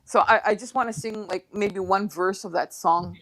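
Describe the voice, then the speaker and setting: A woman guest speaking slowly and softly over a video call, emotional and near tears as she reflects between pauses. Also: medium pitch. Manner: slow, soft and reflective, with pauses. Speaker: guest drum singer. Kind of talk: heartfelt testimony on an online panel.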